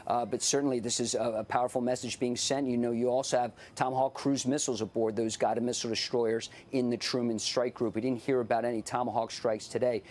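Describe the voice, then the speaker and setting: Measured male TV news correspondent. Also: mid-range voice, little pitch movement, a little mellow. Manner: measured, explanatory, frequent "uh" pauses. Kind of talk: broadcast news report.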